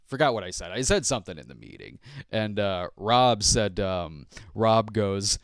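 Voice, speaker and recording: A man's voice: lowish voice, sing-song, moderate pace, smooth, no room sound, studio quality. A man in his fifties hosting a podcast, chatting casually and answering viewer questions in a rambling, self-deprecating way with frequent chuckles. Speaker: podcast host and movie reviewer.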